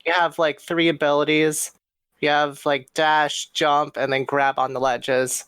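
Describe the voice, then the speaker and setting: A man's voice: on the high side, level tone, measured pace, fairly bright tone, smooth, dry recording. A man co-hosting a podcast, chatting casually and enthusiastically about games. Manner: enthusiastic, talks through game details. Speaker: podcast co-host. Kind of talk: casual chat.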